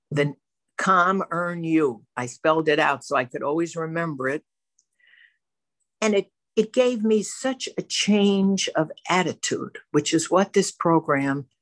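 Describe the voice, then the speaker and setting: A woman's voice: low-pitched, no echo. Candid woman sharing her recovery story. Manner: candid, storytelling, self-reflective. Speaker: twelve-step program member. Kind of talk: personal recovery share. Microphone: facing a camera.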